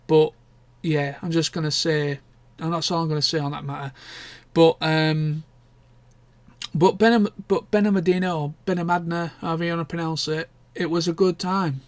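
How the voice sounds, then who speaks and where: A man's voice: fairly high pitch, little pitch movement, normal speed, dry recording. A young man, chatting casually and candidly in a rambling vlog catch-up, with the odd swear word. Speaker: vlogger. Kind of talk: casual chat.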